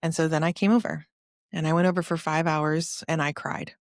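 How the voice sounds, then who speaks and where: A woman's voice: low-pitched, steady tone, a little fast, dry recording, clean studio sound. A woman of about forty hosting a podcast, telling her personal testimony in an earnest, emotional, confessional way. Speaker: podcast host.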